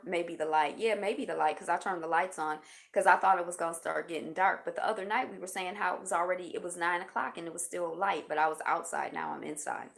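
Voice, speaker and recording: Woman host on a home livestream, lowish gravelly voice, reads aloud then riffs casually to her viewers. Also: fairly bright tone. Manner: reads passages aloud, stops to muse and joke to viewers. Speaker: live stream host. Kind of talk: casual reflective reading and chat. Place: indoors at home. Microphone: built-in camera mic.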